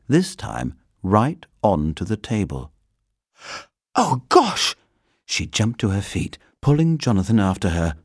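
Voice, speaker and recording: Slow, expressive storybook narrator, a man. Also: low voice, creaky, husky, dry recording, clean studio sound. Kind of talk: storybook reading.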